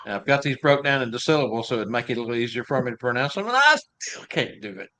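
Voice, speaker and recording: A man's voice: mid-range voice, very animated, fast, sharp tone. A man with a Texas drawl hosting a live stream in a good-humored way, laughing at his own mistakes. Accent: Texan. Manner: good-humored, chuckling at himself. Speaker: host. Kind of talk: casual live-stream talk.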